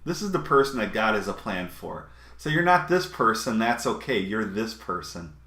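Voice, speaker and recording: Male pastor, casual sermon, bright tone, roomy echo. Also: lowish voice, sing-song, normal speed. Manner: conversational, chuckling asides.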